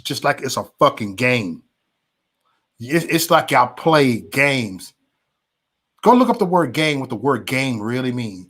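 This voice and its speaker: A man's voice: medium pitch, a bit bright. A man hosting a livestream, ranting heatedly and profanely at his viewers with emphatic repetition and stammered restarts. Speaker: livestream host.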